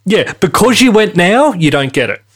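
A man co-hosting a podcast, animated and opinionated in casual chat. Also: high-pitched, normal speed. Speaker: podcast co-host.

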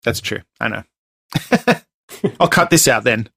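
A man's voice: medium pitch, animated, creaky, sharp tone, husky, dry recording, studio quality. A man hosting a casual podcast movie quiz, joking and laughing often. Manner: joking, laughs often, reads taglines in a slow dramatic voice. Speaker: podcast host running a movie tagline quiz.

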